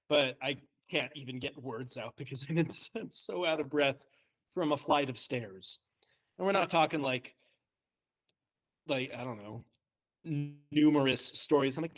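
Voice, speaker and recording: A man's voice: mid-range voice, big pitch swings, normal speed, pauses often. Chatty self-deprecating young man. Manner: chatty, self-deprecating storyteller, laughs often. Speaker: co-host, trainee. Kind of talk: casual podcast chat.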